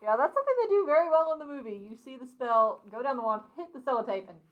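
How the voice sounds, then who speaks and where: A woman with a slightly high voice chats casually at a book club. She retells scenes in her own words and laughs often. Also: animated, quick pace, phone-quality sound. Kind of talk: casual chat.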